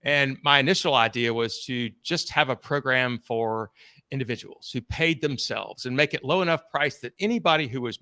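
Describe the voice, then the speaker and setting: A man's voice: mid-range voice, bright, forceful tone, dry recording, clean studio sound. A man guest on a podcast interview, telling candid stories in a blunt, casual way and swearing freely. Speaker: podcast guest, sales trainer. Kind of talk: conversational storytelling interview.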